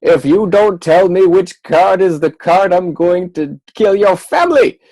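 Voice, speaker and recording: A man's voice: high-pitched, animated, a little slow, a little mellow, no echo, voice pushed up, heavily acted, rough recording. A man voicing a pompous old queen from a deck of cards, with a demanding, mock whiny manner. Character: haughty old queen of a card deck, woman.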